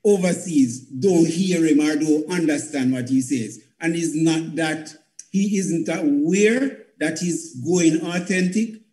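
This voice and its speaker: A man's voice: on the high side, slow, dark tone. An older Jamaican man and theatre producer explaining his points earnestly in a panel discussion, often repeating himself for emphasis. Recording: roomy echo.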